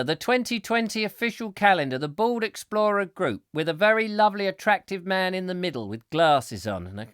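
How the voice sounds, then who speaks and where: A man's voice: sits high, fairly bright tone, smooth, no room sound. Man, live comedy host, rambling banter, dry close sound. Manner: jokey, rambling, self-mocking. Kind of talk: comic live chat show.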